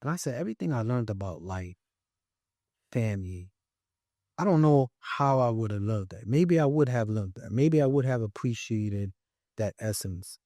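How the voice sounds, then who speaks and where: A young man with a New York accent tells his story as a podcast guest in a mid-range voice at normal speed, with no echo. It's casual storytelling, and he's animated, acting out the voices of the people he quotes.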